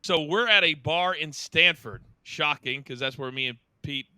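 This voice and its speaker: A middle-aged man hosting a podcast, telling stories with a lively manner and acting out the quotes. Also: normal speed, clean tone, no room sound. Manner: lively, acts out quotes with big pitch jumps. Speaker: podcast host. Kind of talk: animated storytelling.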